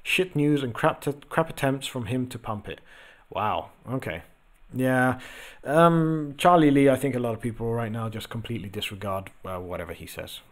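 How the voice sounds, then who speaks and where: Male host, young adult, relaxed chart-reading chatter with many fillers. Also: medium pitch, normal speed. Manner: loose and chatty, lots of ums and uhs. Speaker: host of a crypto trading channel. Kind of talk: casual chart commentary, reading viewer messages.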